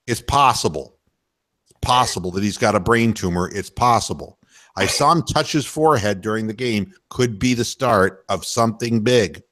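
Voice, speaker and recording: A man's voice: fairly low pitch, normal speed, fairly bright tone. A man hosting a sports talk radio show, chatting casually with emphatic, sarcastic opinions.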